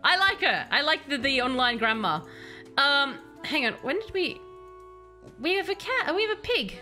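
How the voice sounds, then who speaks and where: A woman streaming a game, chatting with viewers and reading game text aloud in a chatty, animated way. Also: high-pitched, moderate pace, faint music behind. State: has a headache. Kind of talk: casual game commentary with chat.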